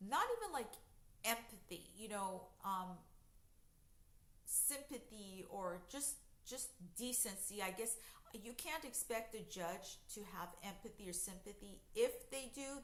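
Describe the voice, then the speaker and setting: A woman with a medium-pitched, slightly bright voice recounts her own jail experiences in a casual storytime vlog. She's conversational, using lots of fillers and emphatic bursts, and the room sounds echoey.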